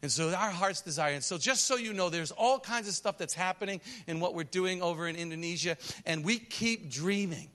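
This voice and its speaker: A missionary pastor speaking to a congregation on a church stage, telling stories and acting out the voices of the people in them. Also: male voice, high voice, a little fast, hardly any pauses. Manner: animated storytelling, acts out quoted voices. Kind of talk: sermon testimony to a congregation. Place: church stage under lights.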